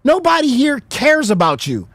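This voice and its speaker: A woman's voice: high-pitched, huge pitch swings, normal speed, a bit bright, dry recording, clean studio sound. A woman from the United States hosting a reaction show, talking bluntly with plenty of swearing and mocking laughter. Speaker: host. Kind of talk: heated reaction commentary.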